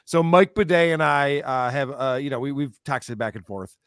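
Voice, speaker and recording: A man talking as a podcast guest in casual chat, telling stories in an animated, sarcastic way. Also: mid-range voice, normal speed, clean tone, dry recording, clean studio sound.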